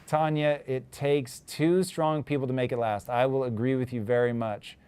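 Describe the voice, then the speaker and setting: A man's voice: mid-range voice, fairly even intonation, moderate pace, a little mellow, clean tone. A man in his forties hosting a casual livestream, talking candidly and reflectively about his marriage. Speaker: host.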